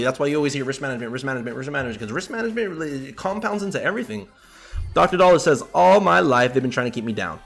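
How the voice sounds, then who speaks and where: Fast-talking profane male trading streamer. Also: medium pitch. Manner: profane, animated, repeats himself, talks to chat. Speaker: livestream trading host. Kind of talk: casual livestream chat.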